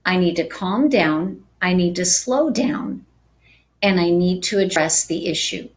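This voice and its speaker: A woman with a fairly low, expressive voice speaks unhurriedly while teaching real estate agents in a live-stream talk. Her style is conversational, and she frequently checks in with "right?"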